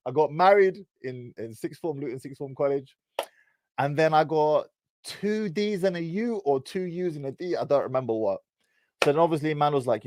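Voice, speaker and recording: Brief: English man, 30s, lively swooping delivery, teasing street slang, fairly high voice, dry close mic. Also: moderate pace, dry recording. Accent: British, English. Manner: animated, teasing, heavy on slang. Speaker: vlogger. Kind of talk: casual storytelling monologue.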